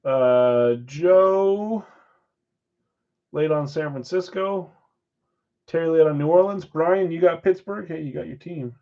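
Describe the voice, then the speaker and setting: Guy running a live card break stream, bit high voice, rattles off names quick w/ chatty side comments, muffled lo-fi sound. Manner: brisk name-and-team roll call with chatty asides. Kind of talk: casual live-stream roll call.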